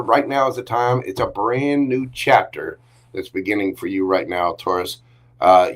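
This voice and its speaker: Male tarot reader hosting a livestream, low-pitched, chatty and affectionate with his audience. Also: fairly bright tone. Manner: chatty, affectionate, greets viewers with pet names. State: briefly coughing and choked up. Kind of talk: casual livestream tarot reading.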